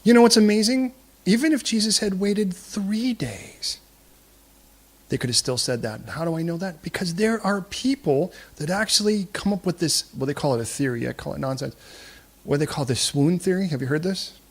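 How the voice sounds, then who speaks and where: A male preacher delivers a sermon in a church, animated and full of jokes. His voice sits fairly high for a man. He slips readily into acted voices for the figures he describes. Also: normal speed. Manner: lively and humorous, acts out quoted voices. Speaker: pastor.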